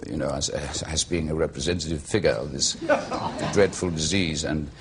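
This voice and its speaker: A middle-aged Welsh man and actor, telling stories in a slow, measured, eloquent way as a talk show guest. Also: extremely low pitch, fairly even intonation, a little hiss or hum. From Wales.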